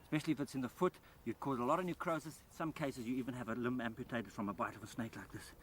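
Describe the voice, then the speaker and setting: A man's voice: medium pitch, rapid-fire, a bit bright, a little hiss or hum. A man presenting a wildlife documentary outdoors by rice paddy fields, enthusiastically explaining as he handles a snake.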